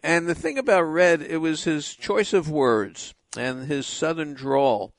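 An older man from Brooklyn hosting a radio interview, telling stories in a lively, nostalgic way. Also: a little high, a little slow, dry recording. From Brooklyn, New York.

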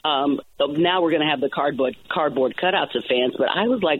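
Halting man on a tinny phone line. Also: fairly high pitch, husky. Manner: halting, restarts and repeats words. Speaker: ballpark public address announcer. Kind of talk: casual phone-in chat. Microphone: telephone.

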